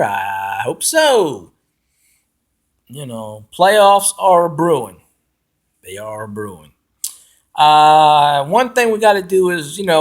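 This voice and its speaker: A man ranting as a football fan, loud and profane, with lots of fillers and restarts. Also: a little high. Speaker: fan commentator.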